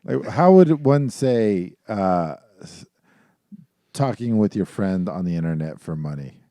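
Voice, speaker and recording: A man's voice: lowish voice, lively intonation, a little slow, warm tone, no room sound, studio quality. A middle-aged man hosting a podcast, teasing and joking and laughing mid-sentence. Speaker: podcast host. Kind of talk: casual chat.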